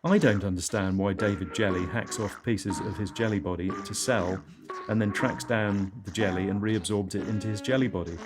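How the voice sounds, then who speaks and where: A comedy host speaks in a lowish, deadpan voice through absurd monologues. He breaks the flat delivery with sudden squeals. The tone stays dry and matter-of-fact. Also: normal speed.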